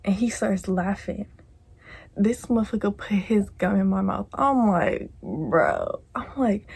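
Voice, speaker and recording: A woman's voice: mid-range voice, a little slow, vocal fry, breathy edge. A woman telling a casual storytime on her vlog, slangy and full of swearing, with lots of "like" and stretches where she drops to a whisper. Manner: slangy, swears a lot, heavy use of "like"; drops into soft whispers at times. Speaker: vlogger.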